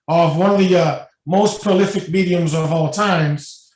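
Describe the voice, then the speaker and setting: A man's voice: a little high, measured pace, darkish tone. A man giving a spiritual lecture as guest speaker, telling stories loosely with many fillers and restarts. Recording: echoey room, mic at a distance.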